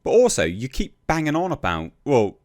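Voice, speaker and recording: A man's voice: on the low side, big pitch swings, moderate pace. A man giving casual political commentary, blunt and exasperated, with mocking sarcastic asides.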